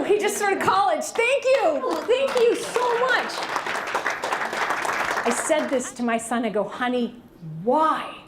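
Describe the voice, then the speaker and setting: A woman in her forties tells stand-up stories with a high voice, acting out the people in them. She takes her time with each line. The room sounds roomy, with a loud crowd and noise behind her. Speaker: stand-up comedian. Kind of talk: stand-up comedy set. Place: virtual variety show stage.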